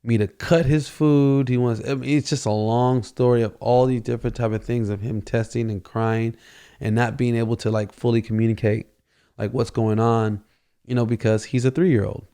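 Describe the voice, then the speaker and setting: A man's voice: medium pitch, steady tone, moderate pace, dark tone, smooth. A man hosting a podcast, telling a casual story and rambling with constant "you know" fillers. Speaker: podcast host.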